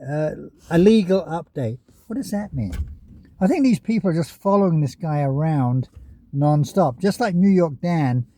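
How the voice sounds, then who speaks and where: A man's voice: high-pitched, mellow, no echo. A man in a parked car giving casual, rambling commentary on other YouTubers, chatty and often chuckling.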